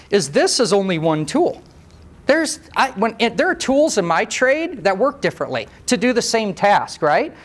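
Animated man telling a story to an audience. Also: sits high. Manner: animated and conversational, with rhetorical questions and asides. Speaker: trainer who teaches mechanics, giving a talk. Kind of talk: storytelling presentation to a live audience.

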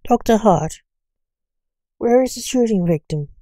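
A woman's voice: a little high, expressive, unhurried, warm tone, no echo, pitched above the performer's own voice. A woman voicing a dogged, evasive male hospital orderly in an amateur story reading. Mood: insistent. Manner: plain, insistent.

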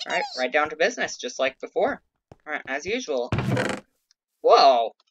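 A woman's voice: sits low, very animated, moderate pace, muffled recording, background noise. A woman hosting a casual gameplay video, chatting playfully and talking to her in-game pets. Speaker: let's play host. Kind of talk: casual gameplay chat with light role-play.

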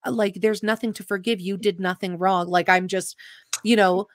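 As a podcast guest, a young adult woman retells her own story with earnest emotion, slipping into quoted dialogue along the way. Her steady voice sits at an ordinary middle pitch and moves at a normal speed. It's recorded close and dry, with no room sound or echo.

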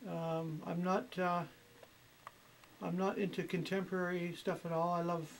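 A middle-aged woman talks at an easy pace in her own home at night. Her storytelling is chatty and full of little pauses, ums and uhs. There is a faint background hum behind her. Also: fairly low pitch, flat delivery, poor audio. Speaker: homeowner and guest. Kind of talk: casual storytelling.

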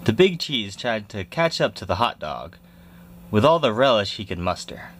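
A man reads a children's picture book aloud in a fairly low voice. His delivery is expressive and swings widely up and down, playing up the story's drama. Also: normal speed, a little hiss or hum. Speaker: storybook reader.

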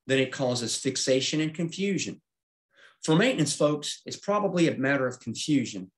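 A middle-aged man giving a safety presentation, walking through slides step by step in a plain-spoken way and checking in with "okay?". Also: mid-range voice. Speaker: aviation safety instructor.

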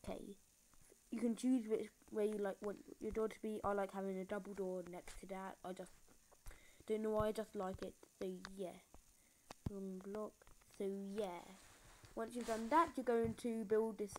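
Girl rambling through a build tutorial, keeps saying so yeah, laughs at herself, middling pitch, phone mic with faint hiss. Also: fairly even intonation, normal speed, poor audio. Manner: rambling, filler-heavy, self-mocking. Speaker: game tutorial maker. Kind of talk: casual building tutorial commentary. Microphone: phone screen recorder mic.

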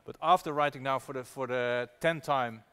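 A man's voice: medium pitch, steady tone, normal speed, fairly bright tone, smooth. A man from the Netherlands, an activist investor guest who tells his story with earnest energy and frequent restarts. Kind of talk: storytelling conversation at a public talk.

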